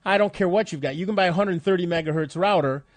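Male radio tech host, stuffed-up, higher pitch, dry close sound, wry and chatty. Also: fast talker, dry recording. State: stuffed up nose. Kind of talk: radio tech talk and news reading.

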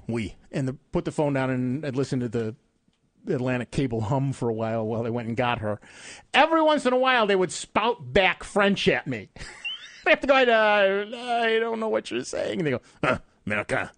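Middle-aged male radio host, chatty self-deprecating storyteller, slightly high voice, dry close studio mic. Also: no room sound. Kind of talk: casual on-air chat. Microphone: studio microphone.

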